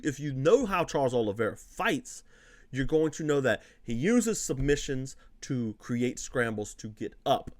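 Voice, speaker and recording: A man talks through fight picks in a loose, off-the-cuff way, with his pitch swinging up and down a lot. His voice sounds close and dry, with almost no room sound. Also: no echo. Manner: loose and conversational, with many fillers and repeats. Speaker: host. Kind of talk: casual fight analysis.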